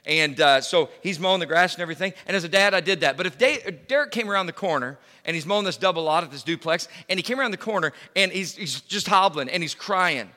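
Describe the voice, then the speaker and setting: A middle-aged man preaching a sermon as pastor, emphatic, swinging from loud to hushed. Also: high-pitched, lively intonation, fast, few pauses, long reverb tail. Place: church.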